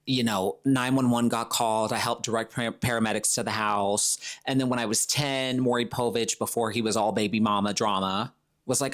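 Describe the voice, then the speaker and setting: A man's voice: mid-range voice, steady tone, normal speed, a bit bright. Male solo podcast host, casual chatty delivery, playful, drops into comic impressions. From Florida. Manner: chatty, playful, slips into comic voices for quotes.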